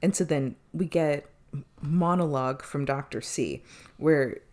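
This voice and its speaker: A woman's voice: low voice, a little slow. A woman co-hosting a podcast, recapping an episode in casual chat, quoting the characters and swearing freely. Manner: animated retelling, quotes characters, swears freely.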